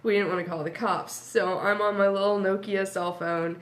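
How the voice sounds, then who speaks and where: A woman's voice: mid-range voice, normal speed. A woman telling a casual anecdote as an interview guest, acting out quotes and laughing often. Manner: lively storyteller, acts out quotes, laughs often.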